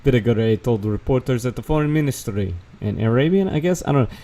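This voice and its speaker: A vlogger fact-checking the news talks quickly in a mid-range voice with lively intonation and a dark tone. Sharing his screen, he reads articles aloud and adds sarcastic, profane asides.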